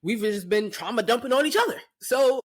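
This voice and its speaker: A pregnant young woman co-hosting a podcast, telling stories in a casual, animated way, acting out voices and swearing freely. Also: fairly high pitch, a little fast. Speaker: podcast co-host. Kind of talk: casual chat.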